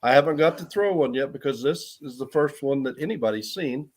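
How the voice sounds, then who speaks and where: A man hosting a relaxed live online show, greeting viewers and passing along their comments. He speaks at an ordinary pitch in a casual tone and slips in jokes at his guest's expense. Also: brisk, a little hiss or hum. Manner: joking, reads out viewer comments. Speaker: livestream host. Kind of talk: casual livestream chat.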